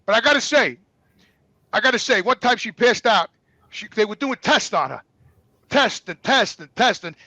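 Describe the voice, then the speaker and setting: A middle-aged man telling stories as a guest, profane, heated and animated. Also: high voice, moderate pace, pauses often, no room sound, rough recording. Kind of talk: casual storytelling.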